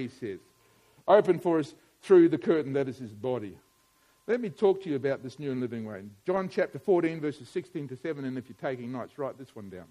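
A middle-aged man preaching a sermon, moving from quiet musing to loud, emphatic preaching. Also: medium pitch, animated, brisk.

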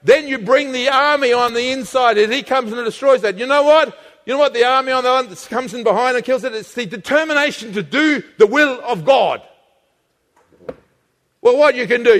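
A man preaching a sermon, animated and calling on the congregation to answer him. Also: very high-pitched. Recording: long hall reverb.

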